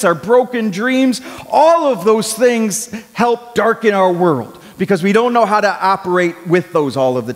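Man, high voice, pastor preaching sermon, long hall reverb. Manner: conversational preaching, rising to loud when acting out cries.

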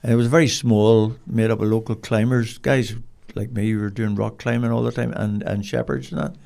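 Older northern irish guy, gravelly voice, rambly lively storytelling. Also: fairly low pitch, a little fast. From Northern Ireland. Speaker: guest, dog trainer. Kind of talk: casual storytelling.

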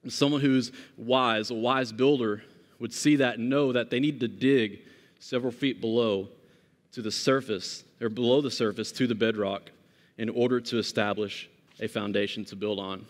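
A man's voice: mid-range voice, steady tone, moderate pace. A man preaching a conversational sermon as pastor, earnest and informal, with frequent restarts and fillers. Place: church sanctuary. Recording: long church-hall reverb.

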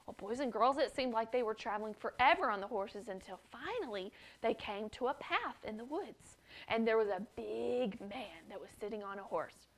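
Animated woman telling a children's story. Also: fairly high pitch, normal speed. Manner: animated, addresses children directly. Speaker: children's church teacher.

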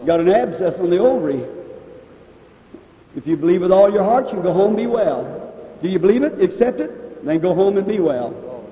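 A man's voice: sits high, expressive, normal speed, long pauses. A male preacher at a revival healing service, speaking directly to people in the audience and calling out their ailments. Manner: addresses audience members directly, calls out ailments. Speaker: evangelist preacher. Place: large meeting hall. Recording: echoey hall on a tinny old 1950s tape.

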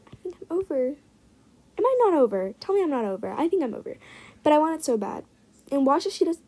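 A young woman giving casual, excitable commentary while trading in a game, often dropping into muttered asides. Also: high-pitched, low-quality recording. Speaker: gaming vlogger.

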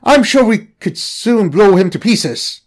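A man's voice: high-pitched, big pitch swings, a little slow, heavily acted. A man voicing a bold teenage boy with an eager, boastful way of talking.

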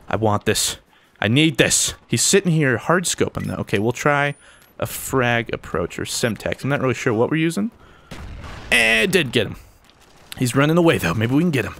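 A young man giving running commentary over a video game as a gaming channel host, often breaking into high excited yelps when the action spikes. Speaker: gaming YouTuber. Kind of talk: gameplay commentary.

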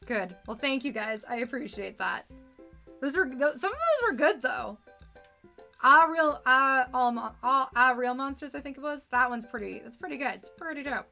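Bright high-voiced playful woman streamer. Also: lively intonation, normal speed, creaky, soft background music. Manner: playful and punny, chatty, rambles about food. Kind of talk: casual livestream chat while reading game text aloud.

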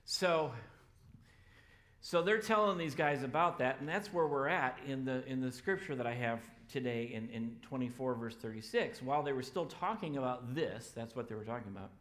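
A man preaching a sermon as pastor in a church, loud and energetic. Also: mid-range voice.

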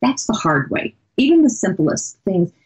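A woman's voice: medium pitch, moderate pace, slightly rough, rough recording. A woman guest on a podcast, telling a story animatedly and conversationally. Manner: animated, many "you know" fillers.

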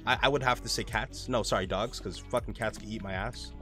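A man streaming a game, ranting casually in a profane, rambling, excitable way. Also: fairly low pitch, a little fast, hardly any pauses, soft background music. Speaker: gaming streamer. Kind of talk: casual rant while playing a game.

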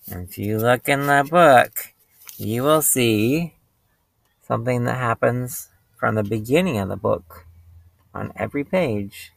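A male teacher reading a picture book aloud to young children, slow and expressive, with playful voices for the animals. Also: mid-range voice, gravelly, no room sound.

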